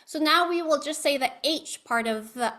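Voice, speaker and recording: High, bright-voiced woman teaching a webinar. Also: normal speed. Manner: patient, instructive, coaching listeners through exercises. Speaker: speech-language pathologist. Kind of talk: online educational presentation. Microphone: video call.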